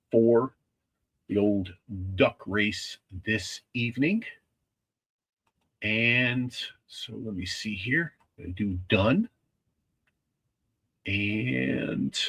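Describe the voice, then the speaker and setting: A man hosting a casual livestream with a husky voice, talking in a rambling, halting way with many restarts. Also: mid-range voice. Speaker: livestream host.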